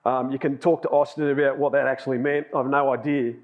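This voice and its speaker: A man's voice: medium pitch, level tone, quick pace, highs cut off. A man giving a sermon, telling personal stories in a chatty way and laughing at himself. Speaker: lay preacher.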